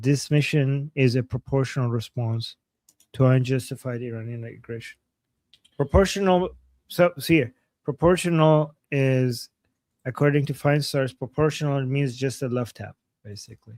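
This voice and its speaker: A man's voice: medium pitch, darkish tone, no echo. A man co-hosting a casual livestream, giving blunt political opinions with frequent restarts. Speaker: political commentary co-host.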